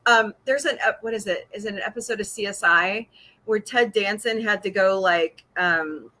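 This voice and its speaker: A woman's voice: medium pitch, pushed and bright. A middle-aged woman from Missouri hosting a casual livestream chat, talking freely, laughing often and answering viewer comments. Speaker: podcast host.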